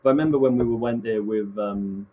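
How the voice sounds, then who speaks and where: A man co-hosting a podcast, telling relaxed, self-deprecating stories in casual chat. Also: on the low side, quick pace, narrow, tinny audio, crowd noise. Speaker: podcast co-host.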